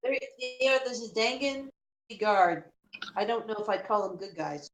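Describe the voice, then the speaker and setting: A woman running a tabletop game as game master, calling out rolls and rules in a brisk, instructive way. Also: fairly high pitch, animated, crowd noise.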